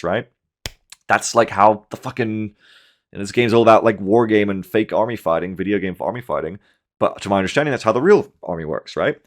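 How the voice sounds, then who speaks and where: A man in his thirties talks through a game replay in a loose, conversational way. His voice sits a little low, and he gets animated, swears freely and acts out his own panicked reactions in quick bursts. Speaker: gaming commentator. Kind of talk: casual match review commentary.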